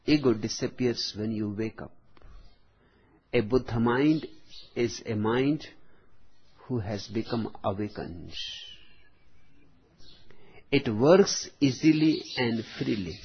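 A man gives a spiritual discourse in slow, drawn-out phrases with long pauses. His voice is husky. The recording is dull and lo-fi. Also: mid-range voice, lively intonation. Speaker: spiritual teacher.

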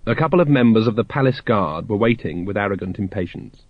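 A man narrating a story aloud in a wry, expressive way. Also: on the low side, fast, dry recording, narrow, tinny audio. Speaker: audiobook narrator.

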